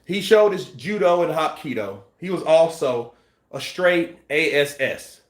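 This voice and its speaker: A man hosting a boxing news channel, chatting casually and acting out scenes with shouts and sound effects. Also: on the high side, expressive, a little slow, roomy sound. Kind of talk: casual live-stream chat.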